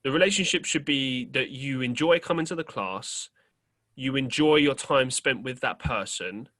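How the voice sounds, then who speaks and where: A man's voice: medium pitch, normal speed, a bit bright. A young man hosting a podcast, telling a rambling story in casual chat, full of fillers and casual swearing. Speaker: podcast host.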